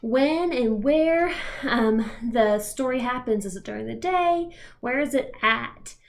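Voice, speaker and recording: A woman kindergarten teacher giving a read-aloud lesson to young children, gently explaining with a few fillers. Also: fairly high pitch, expressive, takes it slowly. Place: home, recorded for remote learning.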